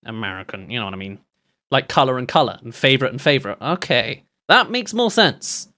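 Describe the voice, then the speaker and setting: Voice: medium pitch, lively intonation, brisk, bright, forceful tone. A streamer, rambling and chatty while reacting to movie trailers live, reading chat aloud and laughing often.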